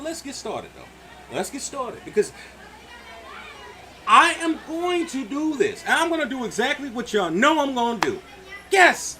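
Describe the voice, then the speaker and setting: Brief: man hosting a reaction rant, bright ringing tone, lively swinging pitch, mocking delivery. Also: a little hiss or hum. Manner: animated, mocking, swings from shouting to muttering. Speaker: commentary channel host. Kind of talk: ranting reaction commentary.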